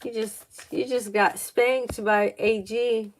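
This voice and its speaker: Slow-talking excitable tarot reader woman. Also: on the high side, background noise. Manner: halting and excitable, many gasps and "oh my God"; restarts sentences, thinks aloud. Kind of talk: live-streamed tarot reading, chatting with viewers.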